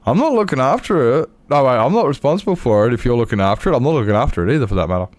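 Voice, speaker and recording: A man's voice: mid-range voice, sing-song, rapid-fire, no echo. An Australian man streaming a game, chatting casually and rambling in a self-mocking way with his viewers. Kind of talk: casual live-stream chat while playing.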